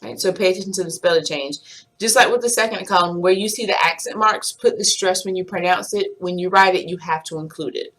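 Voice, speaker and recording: A woman teaching a language lesson, explaining in English and slowly counting and quizzing numbers aloud. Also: lowish voice, a bit bright. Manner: slow, deliberate counting with clear pronunciation drills. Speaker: Spanish teacher.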